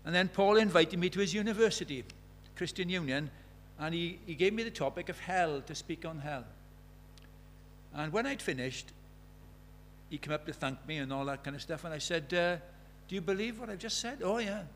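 A man's voice: fairly high pitch, animated, normal speed, fairly bright tone, slight background noise. A man preaching a sermon, earnest and questioning, retelling conversations as dialogue.

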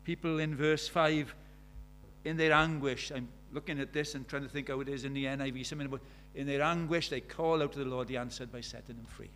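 A man's voice: mid-range voice, steady tone, brisk, a bit bright, a little hiss or hum. An older man, preaching a sermon in a conversational way, full of rhetorical questions.

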